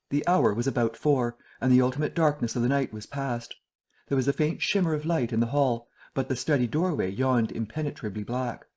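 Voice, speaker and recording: A man with a mid-range voice narrates an audiobook, reading scripted narration in a steady, even storytelling manner.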